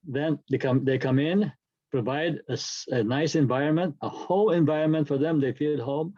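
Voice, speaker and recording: Man, workshop presenter, fairly high voice, mellow tone, emphatic, repeats key phrases, dull lo-fi sound. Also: moderate pace. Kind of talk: workshop talk.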